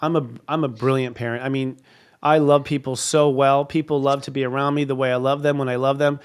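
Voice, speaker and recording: A man's voice: medium pitch, little pitch movement, brisk, clear, resonant tone. A man in his fifties hosting a casual spiritual talk show, speaking in a candid, confessional and emphatic way. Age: 50s.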